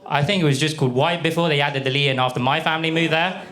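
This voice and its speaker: A young man from the UK performing a stand-up comedy set, delivering deadpan punchlines and slipping into put-on voices for characters. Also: a little high, fast talker. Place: comedy club stage with a laughing audience. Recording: live club recording with crowd laughter.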